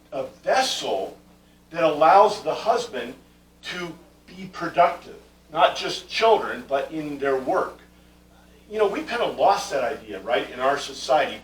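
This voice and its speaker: A man teaching a Bible class, lecturing conversationally with fillers and restarts and putting questions to his students. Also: a little high. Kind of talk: classroom lecture on Greek word meanings. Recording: echoey room, mic far from the speaker.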